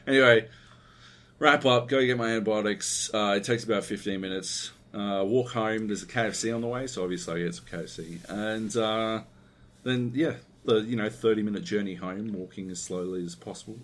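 A man's voice: fairly low pitch, fairly quick, a bit bright. A man hosting a podcast, telling a long, profane, rambling anecdote in casual chat. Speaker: podcast host.

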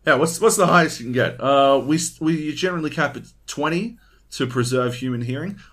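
On a casual gaming podcast, a man with a fairly high pitch speaks a little fast as co-host. He swears freely and animatedly performs others' remarks.

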